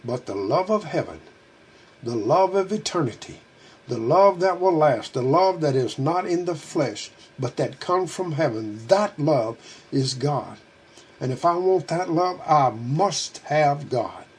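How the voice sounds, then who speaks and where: A middle-aged male preacher delivers an earnest sermon, pressing his listeners with rhetorical questions. His voice sits a little high and has a husky, breathy edge. He pleads more than he commands. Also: a little mellow.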